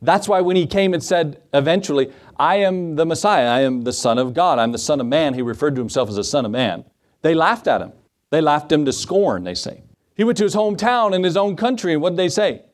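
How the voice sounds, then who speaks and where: A man's voice: on the high side, expressive, brisk. A male pastor preaching a sermon to his congregation, acting out quoted speech and asking for amens. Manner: preaching with dramatic voiced quotes and asides to the congregation.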